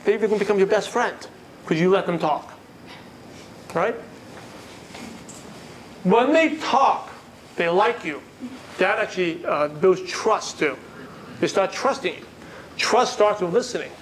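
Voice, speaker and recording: A man's voice: high voice, animated, a little slow, long pauses, slight background noise. A man giving a live sales workshop, asking the audience questions and repeating their answers back. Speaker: sales trainer. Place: meeting room with a live audience.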